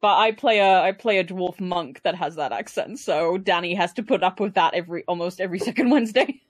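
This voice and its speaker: A woman's voice: on the low side, a little fast, no room sound. A woman playing in a tabletop game, chatting casually and hesitantly, often repeating words and laughing. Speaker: player.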